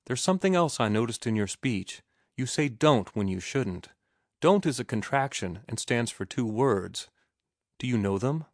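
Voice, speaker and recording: A man's voice: medium pitch, animated, normal speed, no room sound, studio quality, natural voice. A man voicing a refined young woman who patiently and precisely corrects someone's speech. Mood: instructive.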